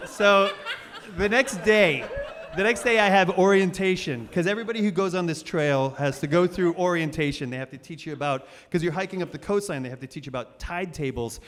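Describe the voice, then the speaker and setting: Hosting a live storytelling show on a cultural center hall stage, a man in his forties speaks quickly in a high voice. He rambles and puts himself down, full of fillers and restarts, and the live hall is reverberant.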